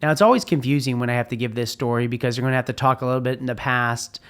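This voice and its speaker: A man's voice: mid-range voice, racing, a bit bright, smooth. A middle-aged man hosting a podcast and telling a personal story in an earnest, heartfelt way, often restarting his sentences. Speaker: podcast host.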